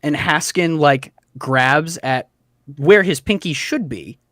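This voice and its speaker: A man's voice: a little high, takes it slowly, fairly bright tone, no echo, studio quality. A man narrating a tabletop game as game master, loose and chatty, with many fillers.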